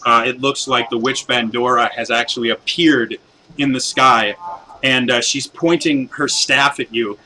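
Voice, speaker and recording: A man's voice: medium pitch, steady tone, unhurried, sharp tone, a little hiss or hum, low-quality recording. A man narrating as game master, rambling with many fillers and restarts as he describes the scene.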